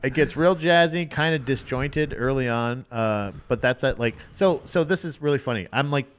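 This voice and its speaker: A man's voice: medium pitch, moderate pace, clean tone. A man co-hosting a casual music podcast, talking in a loose, rambling, profane way with plenty of restarts. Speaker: podcast co-host.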